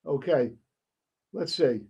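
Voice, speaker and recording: A man's voice: mid-range voice, slow, creaky, warm tone, breathy edge. A man hosting a live stream, reading a story aloud in a casual way and breaking off to answer the chat.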